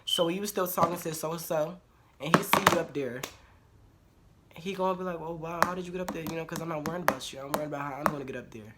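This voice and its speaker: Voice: mid-range voice, fast talker, heavy background noise. A vlogger giving casual relationship advice straight to camera, talking bluntly and repeating phrases for emphasis, with slang and swearing. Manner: informal slangy speech with swearing.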